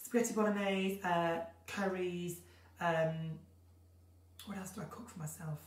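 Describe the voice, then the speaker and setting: Speaking unhurriedly in a fairly low, steady voice, this woman from northern England hosts a casual live chat at home. She reads viewer questions aloud and answers them in a chatty, theatrical manner from a room with a window onto her garden, and the stream audio sounds roomy and distant.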